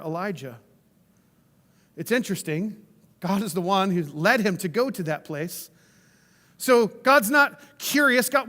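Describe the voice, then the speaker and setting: A man's voice: high-pitched, a bit bright, long reverb tail. A man preaching a sermon in a conversational way, often checking in with the listeners. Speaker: pastor.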